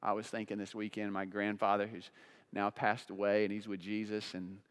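Preacher swinging from loud to hushed. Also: male voice, little pitch movement, moderate pace, clear, resonant tone. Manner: swings from loud emphatic peaks to hushed low passages; repeats words and restarts phrases for emphasis. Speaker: pastor. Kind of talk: sermon.

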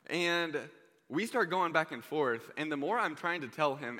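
A young man preaching to a youth group, telling a story in a lively, joking way. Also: a little high, moderate pace. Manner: energetic, joking, conversational. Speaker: youth pastor. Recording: reverberant hall.

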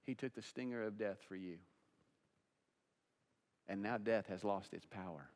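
A man's voice: lowish voice, a little slow, a little mellow. A man preaching an earnest sermon as pastor, now and then singing hymns. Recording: long reverb of a church hall.

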